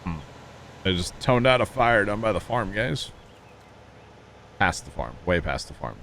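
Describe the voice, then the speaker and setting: His voice sits on the low side, sing-song and a bit bright, moving at a measured pace with a little hiss or hum in the recording. He's a man casually rambling to viewers with folksy stories and asides while playing a farming game on stream.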